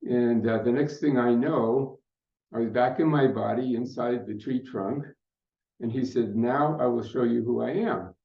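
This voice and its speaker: An older man speaking at a conference, telling a personal story in an unhurried, reflective way with fillers. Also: medium pitch, vocal fry. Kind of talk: storytelling talk. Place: conference hall. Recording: muffled roomy hall recording.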